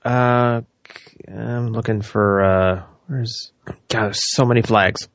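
A man's voice: lowish voice, fairly even intonation, slow pace, no room sound. A man in casual podcast chat, rambling and thinking aloud as he looks something up. The recording is dry, with no room sound. The audio is dull and lo-fi. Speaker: wrestling podcast co-host.

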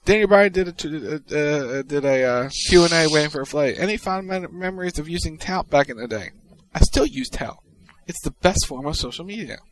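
A man co-hosting a podcast, reading out tweets in casual chat with a wry, deadpan delivery. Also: on the high side, a little fast, hardly any pauses, poor audio. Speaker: podcast co-host.

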